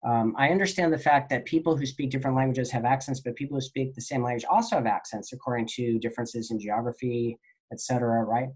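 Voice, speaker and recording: A man teaching a class, answering student questions in a relaxed, rambling lecture with many fillers. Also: mid-range voice, fast talker, husky.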